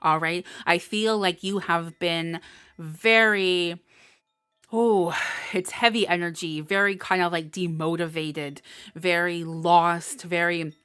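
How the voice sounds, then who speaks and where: Woman tarot reader, slow unhurried pace, smooth clear voice, dry close sound, emotional and encouraging. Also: lowish voice, a bit bright, no echo. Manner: emotional, encouraging, laughs often. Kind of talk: live intuitive tarot reading. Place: indoors, live stream.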